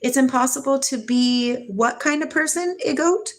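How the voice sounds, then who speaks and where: On her casual spiritual livestream, a forty-something woman from Washington state, USA, chats with viewers and reads their comments softly and affectionately, laughing often. Her voice sits high, at a normal speed.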